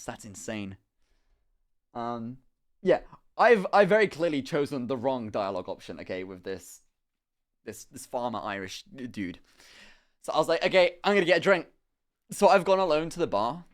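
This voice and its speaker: A young man, streaming live and telling a story in an animated, rambling way, swearing often and breaking off into asides. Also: mid-range voice. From England. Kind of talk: casual storytelling to a live chat.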